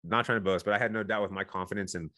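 A man in his thirties tells his own story as a guest, fast and heartfelt. His voice sits low and he speaks in quick bursts, circling back with restarts and "you know"s. The sound is dry and close. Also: fairly even intonation, pushed and bright, no room sound. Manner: earnest, emotional, many restarts and "you know"s. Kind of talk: candid personal storytelling.

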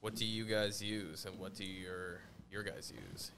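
A man's voice: on the low side, flat delivery, measured pace, sharp tone, a little hiss or hum. A man in a casual podcast chat, laid-back and agreeable, swearing casually as he talks.

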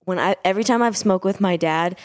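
A woman's voice: medium pitch, fast talker. A woman in casual podcast chat, giggly and swearing often. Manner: giggly, swearing, frequent laughter.

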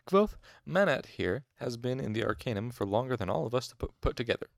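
A man reading aloud, voicing a cheerful, teasing young male student in a slightly raised, gravelly voice. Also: mid-range voice, expressive, brisk, dry recording, studio quality, pitched above the performer's own voice.

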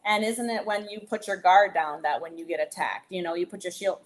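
A woman co-hosts a relaxed Bible discussion, speaking at an ordinary pitch and pace. She offers thoughtful reflections and affirms her partner's points. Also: a little fast. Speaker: co-host.

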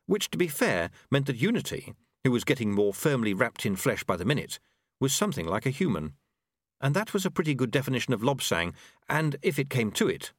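A man reading a novel aloud, voicing the characters' lines by shifting his pitch. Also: dry recording, studio quality. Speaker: audiobook narrator. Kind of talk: novel narration with character voices.

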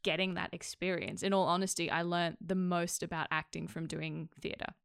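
A woman who teaches acting, chatting casually and telling animated stories with frequent laughs. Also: lowish voice, moderate pace, vocal fry, clear, resonant tone, dry recording, clean studio sound. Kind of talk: casual chat.

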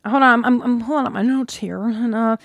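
Woman podcast co-host, giggly and loose, slightly high voice, dry close sound. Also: fairly quick, no echo. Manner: giggly, laughs often, loose and rambling. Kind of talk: casual chat.

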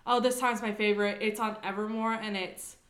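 A young woman co-hosting a casual podcast, telling stories in a chatty, animated way with lots of "like". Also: mid-range voice, fairly quick, reverberant. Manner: chatty, animated storytelling with frequent "like". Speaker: podcast co-host.

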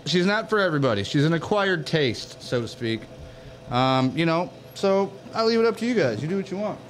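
A man co-hosting a casual podcast from a garage, telling stories loudly and profanely, a little tipsy from drinks. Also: on the high side, fairly quick, a little hiss or hum. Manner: loud, profane, animated storyteller. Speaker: podcast co-host. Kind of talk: casual chat.

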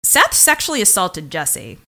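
A woman's voice: medium pitch, wildly swooping pitch, measured pace, bright, forceful tone. A woman co-hosting a podcast, recapping a TV episode in casual chat and giving blunt opinions. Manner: blunt and opinionated, acts out characters' lines. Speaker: podcast co-host.

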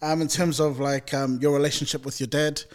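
A man co-hosting a podcast, asking a question hesitantly and politely with many pauses. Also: a little high, little pitch movement. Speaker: podcast co-host. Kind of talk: casual podcast conversation.

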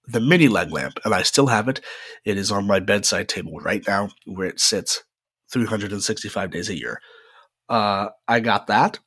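A young man tells a personal story in a loose, rambling way, dotting it with "uh" and "um". His voice sits a little low, and the recording is close and dry with no room sound. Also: lively intonation, normal speed, a bit bright, husky, no echo. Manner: chatty, rambling, frequent "uh" fillers. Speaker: podcast host. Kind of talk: casual solo storytelling.

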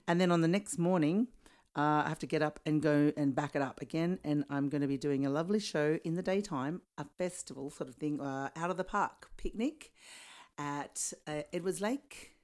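A woman's voice: deep voice, moderate pace, a little mellow. A middle-aged Australian woman co-hosting a podcast in casual chat, giggly and rambling, often losing her place. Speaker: podcast co-host and singer.

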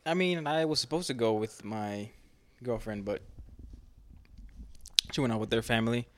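A man's voice: mid-range voice, expressive, normal speed. A man co-hosting a casual fitness podcast as a trainer, rambling with lots of fillers like "you know" and "right".

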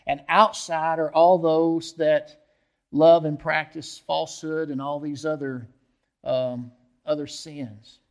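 Higher-voiced man preaching a sermon. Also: little pitch movement, slow. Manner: asks the listeners questions, checks in with "okay?". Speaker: pastor. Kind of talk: expository sermon.

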